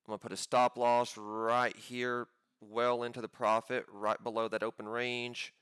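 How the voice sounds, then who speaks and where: A man giving live commentary on his own trades, pumped up and talking in quick excited bursts. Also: mid-range voice, clear, resonant tone, dry recording, studio quality. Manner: hyped, pumped-up chatter with sudden bursts.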